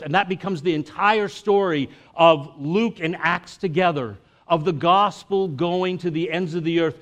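A male preacher giving a sermon in a casual, conversational way, with jokes and filler words. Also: a little high.

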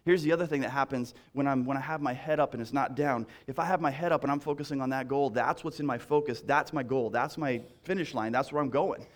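Man, pastor, sermon, animated, repetitive, rising intensity, fairly high voice. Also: fairly quick.

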